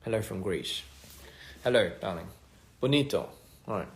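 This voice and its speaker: A young man casually chatting on a phone livestream, reading fan comments aloud with halting restarts and many fillers. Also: fairly low pitch, lively intonation, vocal fry. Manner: halting, many restarts and fillers, switching between English and Korean. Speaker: musician hosting a livestream.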